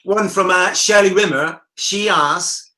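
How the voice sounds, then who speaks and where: Jokey man with a bright voice. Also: high voice. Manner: jokey, relaxed, a little halting. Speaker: co-presenter reading viewer questions. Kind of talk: casual chat. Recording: roomy echo.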